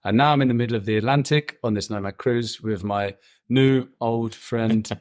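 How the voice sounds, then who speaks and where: A man's voice: medium pitch, normal speed, a little mellow. A man with a London accent, a podcast guest in his thirties, chatting casually and telling stories in a laid-back way. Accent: London English. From England. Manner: laid-back, chatty storyteller, mild swearing. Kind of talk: casual interview chat.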